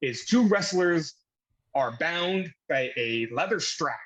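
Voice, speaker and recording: A man co-hosting a casual podcast, telling a story in an animated way and laughing at himself. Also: on the high side, takes it slowly, low-quality recording. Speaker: guest co-host.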